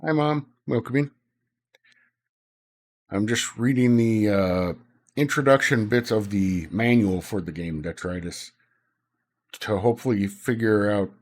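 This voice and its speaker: Low, husky-voiced man reading aloud. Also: a little mellow. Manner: casual asides between read passages. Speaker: streamer. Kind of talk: reading a game manual aloud on stream.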